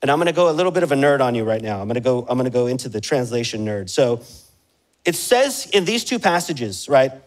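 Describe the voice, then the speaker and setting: A man's voice: medium pitch, very animated, fast talker, poor audio. A man preaching a sermon as pastor, with passionate emphasis that rises and falls, asking the congregation direct questions. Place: church sanctuary.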